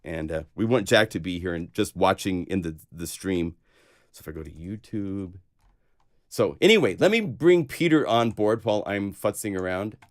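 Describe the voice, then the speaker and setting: Host type: low-voiced guy, easygoing, laughs a lot, video-call sound. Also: moderate pace. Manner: chatty, laughs often, excitable. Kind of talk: casual livestream chat.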